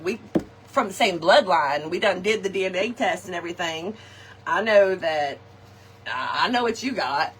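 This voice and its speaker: A middle-aged woman, hosting a live crafting chat, animated and laughing often as she tells stories to her viewers. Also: fairly low pitch, normal speed, slightly rough. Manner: animated, laughing often, folksy slang, talks to viewers directly. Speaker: craft shop host.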